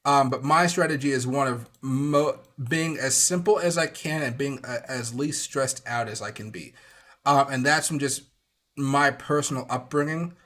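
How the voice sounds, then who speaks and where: A man's voice: medium pitch, a bit bright. A young man hosting a trading livestream, talking casually in a rambling, chatty way while sick. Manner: fast rambling chatty, with fillers. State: sick, coughing.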